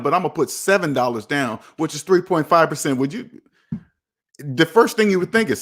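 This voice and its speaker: A man hosting a live personal finance stream, answering viewer comments in a blunt, animated way and acting out the people he quotes. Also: on the high side, brisk.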